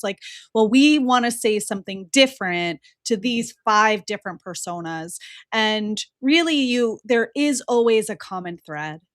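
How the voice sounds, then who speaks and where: A woman's voice: fairly high pitch, no echo, clean studio sound. A woman hosting a podcast in casual conversation, encouraging her guest and affirming with frequent murmurs. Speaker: podcast host.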